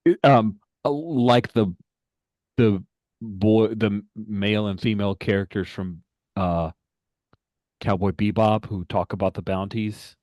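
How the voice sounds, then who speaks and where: A lower-pitched man with a Southern US accent, running a tabletop roleplaying game as game master. He talks in a relaxed, teasing way, and his voice is dry and close to the mic. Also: measured pace, no echo.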